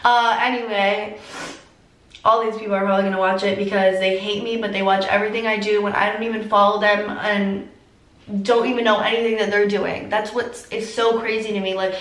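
A teenage girl vlogger telling a personal story through tears, filler-heavy and halting. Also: medium pitch, flat delivery, fairly bright tone, roomy sound, distant mic, rough recording. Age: teens. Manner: tearful, heavy use of "like". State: crying. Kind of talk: emotional storytime.

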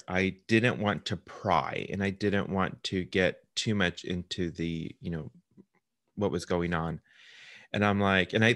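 Low-voiced man telling a lively story. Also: no echo, clean studio sound. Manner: animated storyteller acting out phone calls. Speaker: realtor hosting a client interview. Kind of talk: casual storytelling chat.

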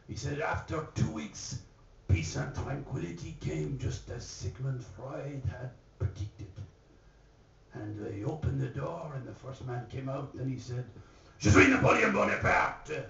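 A man's voice: mid-range voice, measured pace, gravelly, darkish tone, slight background noise. A man telling a rambling joke live in a pub, slipping into mock French lines. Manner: rambling anecdotal delivery with mock French phrases. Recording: distant, roomy, dull live pub recording.

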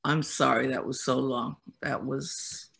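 Woman, poet, poetry reading, rhythmic deliberate delivery, bright forceful tone, video call. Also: a bass voice, fairly even intonation, creaky, slightly rough.

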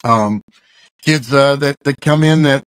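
A man's voice: medium pitch, measured pace, no room sound. Laid-back storytelling man from Arkansas. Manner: loose, chatty storyteller who acts out quoted dialogue. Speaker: guest, musician and youth speaker. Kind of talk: casual interview storytelling.

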